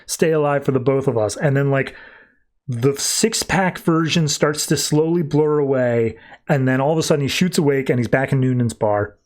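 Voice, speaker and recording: A man on a podcast casually recapping a comic book, acting out the characters' lines in quick shifting voices. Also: medium pitch. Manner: animated, acts out character quotes in shifting voices. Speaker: podcast host.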